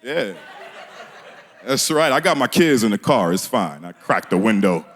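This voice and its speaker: A man's voice: on the low side, big pitch swings, unhurried, a bit bright. A man from doing a stand-up comedy set on a small theater stage, laughing at his own jokes and talking in loose street slang.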